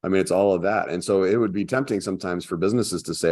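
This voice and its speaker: A man's voice: low voice, quick pace, few pauses, darkish tone. A man co-hosting a business podcast, talking in a loose, conversational way with frequent restarts. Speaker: podcast co-host, consultant. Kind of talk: casual business chat.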